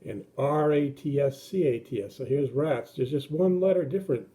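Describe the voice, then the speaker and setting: A middle-aged man tells a story to kids in a church message. His voice is soft and mellow, and he keeps the words plain and gentle. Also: mid-range voice, normal speed. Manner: gentle, simple explanations for kids, acts out voices. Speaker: children's pastor. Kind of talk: children's sermon storytelling.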